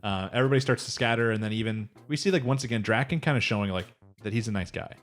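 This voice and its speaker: Brief: man, rapid casual podcast recap, low voice, acts out lines. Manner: animated retelling, acts out characters' lines; frequent swearing and laughing. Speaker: podcast co-host. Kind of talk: casual anime recap chat.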